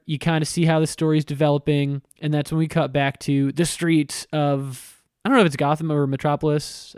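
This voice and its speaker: A man's voice: a little high, a little mellow, clean tone, dry recording, studio quality. A man casually recapping a video game story, chatty and irreverent, with swearing and lots of fillers.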